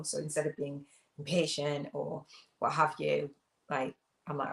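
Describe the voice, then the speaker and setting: Woman, livestream host, reflective and rambling, flat delivery, roomy echo. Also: deep voice, moderate pace, creaky. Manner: rambling, reflective, with many fillers and restarts. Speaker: host of a spiritual business channel. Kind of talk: casual livestream monologue reading viewer comments.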